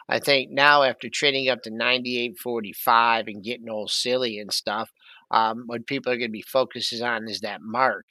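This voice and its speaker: A man's voice: medium pitch, pushed and bright, dry recording. A man co-hosting a live market talk show, rambling casually through price levels with asides.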